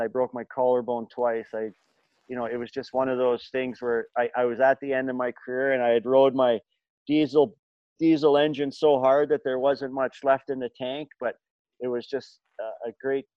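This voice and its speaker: A man's voice: medium pitch, flat delivery, moderate pace, dry recording, muffled recording. A middle-aged man, a former hockey player, telling stories in a casual chat, rambling with many fillers and restarts. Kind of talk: casual storytelling.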